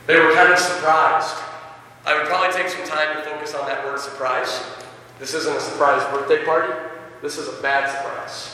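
A man demonstrating a lesson for teachers, animated and expressive, questioning his audience and reading passages aloud with feeling. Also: a little high, moderate pace. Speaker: teacher leading a teacher workshop. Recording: echoey hall, from a distance.

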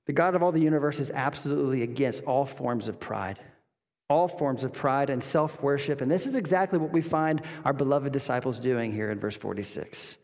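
A man's voice: mid-range voice, brisk, darkish tone. A man preaching an expository sermon as pastor, earnest and emphatic, repeating lines and asking rhetorical questions. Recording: long reverb of a hall.

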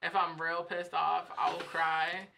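A woman's voice: on the low side, little pitch movement, a little slow, vocal fry, background noise. A woman in casual podcast chat, talking hesitantly with lots of fillers and restarts.

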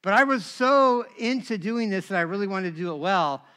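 Bright, high-voiced male pastor. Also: normal speed, smooth. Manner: animated storytelling with humor. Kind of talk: sermon.

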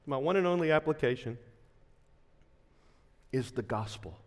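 A man preaching a sermon as a pastor, impassioned, dropping to a hush at times. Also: medium pitch, expressive, unhurried, long reverb tail.

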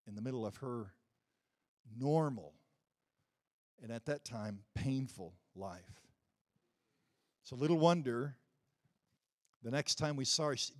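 A pastor telling a story in a sermon, conversational and self-deprecating, building to emphatic points. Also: male voice, medium pitch.

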